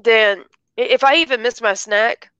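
A woman's voice: a little high, moderate pace, a bit bright, clean tone, no room sound, dull audio. A woman hosting a casual chat, talking in a chatty, rambling way with many restarts. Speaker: host.

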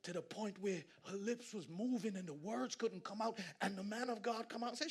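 A man from Guyana preaching a sermon in a church, swinging from hushed asides to loud, laughing exclamations. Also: sits high, fairly quick, hardly any pauses, breathy edge. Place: church sanctuary.

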